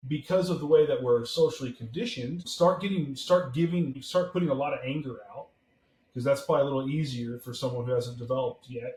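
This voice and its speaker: A man's voice: mid-range voice, darkish tone, roomy sound, poor audio. A man being interviewed as a podcast guest, explaining his ideas earnestly and stressing his points by repeating phrases. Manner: emphatic, builds points through repeated phrases.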